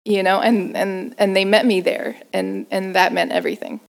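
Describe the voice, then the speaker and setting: A woman telling a personal story in an interview, animated, laughing often and using lots of fillers. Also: mid-range voice, moderate pace. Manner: acts out family members' voices. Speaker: guest performer.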